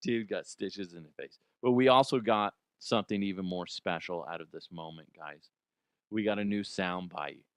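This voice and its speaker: A man's voice: low-pitched, smooth, no room sound. A middle-aged man hosting a casual sports podcast, joking and swearing freely and laughing often. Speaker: podcast host. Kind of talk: casual solo sports chat.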